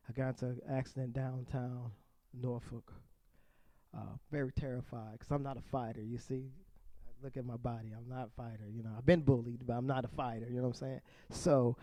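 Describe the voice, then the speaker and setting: A man's voice: medium pitch, warm tone, no echo. A man doing stand-up comedy and playful crowd work for a seniors group, chatting with the audience and laughing often.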